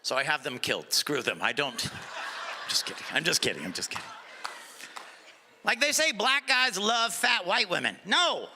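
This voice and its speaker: A man's voice: fairly high pitch, huge pitch swings, normal speed, long pauses, bright, forceful tone, a little hiss or hum. A man doing a stand-up comedy set on a club stage, joking loosely and bantering with the crowd. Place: comedy club stage before a live audience.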